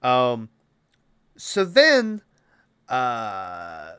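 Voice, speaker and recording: Male podcast host, smooth clear voice, dry close sound, rambling profane recap. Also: mid-range voice, extremely slow, no room sound. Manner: animated, swears freely, rambling with fillers. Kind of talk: casual movie recap.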